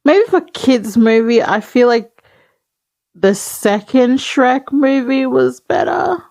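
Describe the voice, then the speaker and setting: A woman's voice: sits high, slow, vocal fry, darkish tone, no echo. A woman co-hosting a podcast in casual chat, rambling and hesitant with many fillers. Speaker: podcast co-host.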